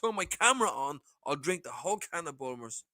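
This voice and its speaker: High bright-voiced man, swearing. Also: sing-song, brisk, poor audio. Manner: swearing, pushy banter. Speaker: stream guest. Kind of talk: casual chat.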